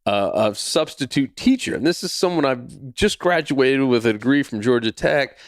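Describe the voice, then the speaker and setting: Man, forties, podcast host, mid pitch, animated storyteller, repeats phrases, dry recording. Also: normal speed, dry recording. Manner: lively storyteller who acts out quoted lines and repeats himself. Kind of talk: personal storytelling with a faith lesson.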